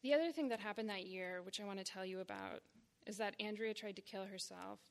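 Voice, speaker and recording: A woman in her thirties reads her own memoir aloud at a live event, her mid-range voice catching on a gravelly fry at the ends of phrases. She takes it slowly, phrase by phrase, blunt and frank. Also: medium pitch, expressive. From Boston area, United States. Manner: deliberate, measured reading in short phrases with blunt frankness. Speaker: writer reading her own work. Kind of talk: live literary reading of personal memoir. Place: reading series event before an audience.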